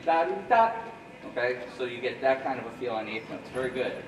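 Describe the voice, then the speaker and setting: A man's voice: medium pitch, level tone, rapid-fire, recorded from a distance. A man rehearses a school jazz ensemble, singing rhythms aloud to demonstrate phrasing and counting the band in. His voice is heard from across an echoey room, with constant background noise. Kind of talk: rehearsal coaching.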